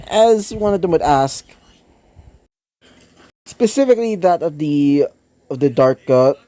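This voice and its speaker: A man's voice: fairly high pitch, dark tone, no room sound. A man casually narrating a fan story aloud, rambling with fillers and restarts. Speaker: fan fiction reader.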